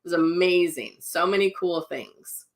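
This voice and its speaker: A woman's voice: lowish voice, moderate pace. A middle-aged woman, a psychic medium telling personal stories in a casual, rambling way, full of restarts and asides. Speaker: psychic medium and spiritual teacher.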